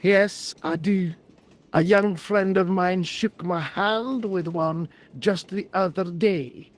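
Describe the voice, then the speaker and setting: A woman voicing a genteel older woman traveler in a video game, dry and quietly teasing. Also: on the low side, slow pace. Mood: dry amused.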